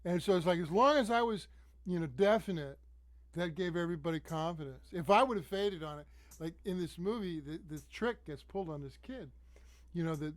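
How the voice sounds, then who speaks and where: A musician chatting casually, telling stories and laughing now and then. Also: male voice, fairly high pitch, dry recording. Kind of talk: casual storytelling. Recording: loud music behind.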